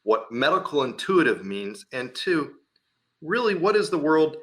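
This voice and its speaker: A man's voice: on the high side, sing-song, a little slow. A man hosting a radio interview show, upbeat and enthusiastic as he introduces his guest. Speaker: show host.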